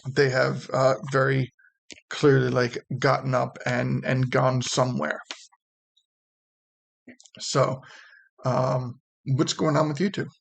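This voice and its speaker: Slow, gravelly male game master. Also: mid-range voice, flat delivery. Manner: hesitant, halting, full of fillers and restarts. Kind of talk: narrating a tabletop game.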